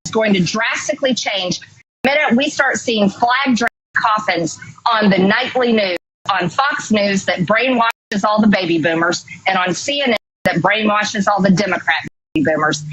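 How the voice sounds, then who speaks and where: A woman's voice: mid-range voice, moderate pace, a bit bright, rough recording. Emphatic woman giving a political opinion. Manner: emphatic, predicting outcomes.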